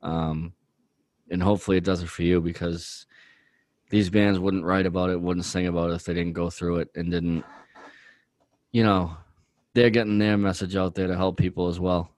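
A man's voice: sits low, flat delivery, moderate pace, long pauses, a little mellow, no room sound. A man co-hosting a podcast, talking earnestly in a rambling way with many fillers. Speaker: podcast co-host. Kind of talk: casual chat.

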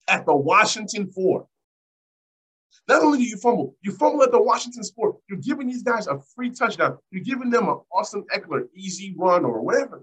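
A man hosting a solo sports podcast, recapping a game play by play in an animated, exasperated way and repeating phrases for emphasis. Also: high-pitched, breathy edge, rough recording. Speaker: podcast host and fan.

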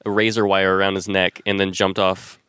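A man co-hosting a casual podcast, making dry, dark jokes. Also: deep voice, monotone, a little fast, clean tone, dry recording. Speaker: podcast co-host.

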